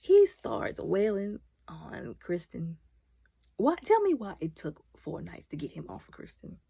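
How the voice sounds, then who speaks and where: A woman hosts a video recap of a TV episode, offering lively, opinionated commentary and talking back to the characters. Her voice is husky and slightly low, and she takes her time. The sound is close and dry, with no room sound.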